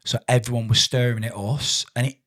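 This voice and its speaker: A man hosts a podcast conversation. He talks at a middling pitch in a casual, rambling way, often stumbling and restarting his sentences. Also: level tone, brisk. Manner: chatty, rambling, stumbles over words. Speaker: podcast host.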